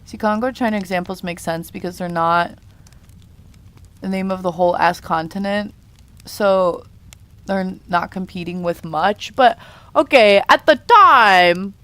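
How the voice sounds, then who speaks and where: A woman's voice: medium pitch, unhurried, a bit bright. A young adult woman on a live stream, chatting casually to her viewers and talking in loose, rambling sentences full of fillers and restarts. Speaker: live streamer reading chat.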